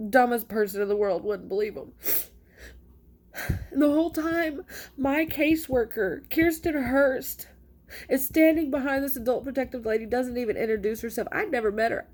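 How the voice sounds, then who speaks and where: Indignant fast-talking woman, slightly high. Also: a little mellow. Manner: frustrated, indignant, fast and emphatic. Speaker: mother telling her own story. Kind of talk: personal account to camera.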